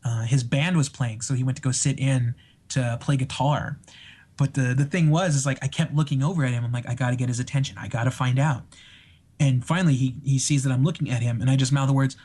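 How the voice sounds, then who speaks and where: A man telling stories in a casual podcast chat, excitable and laughing often as he acts out what people said. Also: medium pitch, fast talker. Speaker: podcast guest.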